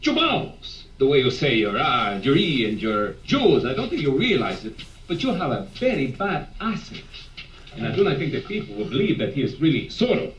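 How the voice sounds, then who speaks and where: A man's voice: mid-range voice, huge pitch swings, fairly quick, a little hiss or hum. A fussy, mannered nobleman. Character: mannered nobleman coaching an accent. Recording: roomy film audio.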